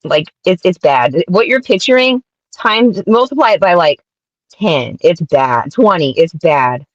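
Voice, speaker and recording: A woman's voice: lowish voice, lively intonation, measured pace, no echo, muffled recording. A woman joining a stream as a guest, talking in a rambling, blunt way full of "like" fillers. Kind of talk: casual call-in chat.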